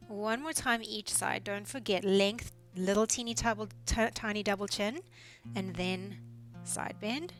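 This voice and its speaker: A woman physiotherapist calmly guiding a neck mobility routine, cueing each movement step by step and encouraging as she goes. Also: mid-range voice, unhurried, faint music behind. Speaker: physiotherapist instructor. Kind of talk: guided exercise instruction.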